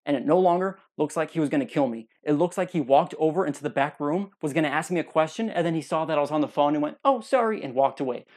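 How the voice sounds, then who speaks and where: Young male podcast host, comic storyteller who voices everyone in the tale; brisk and slightly high. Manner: animated, acts out other people's lines. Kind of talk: comedic personal storytelling.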